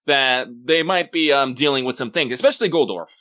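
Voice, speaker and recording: Reading the podcast mailbag, the co-host keeps things playful and jokey, tossing in mock-dramatic asides during the casual chat. His voice is sharp and mid-range, moving a little fast.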